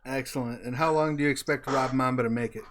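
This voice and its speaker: A man's voice: mid-range voice, fairly even intonation, fairly bright tone. A man running a tabletop character creation session as game master, talking over a video call and often stopping and restarting his sentences. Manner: halting, stops and restarts often.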